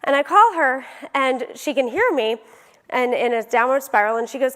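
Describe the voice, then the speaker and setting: A woman's voice: sits high, normal speed, fairly bright tone, big-room sound. A young adult woman giving a motivational keynote, telling a personal story vividly and acting out the dialogue.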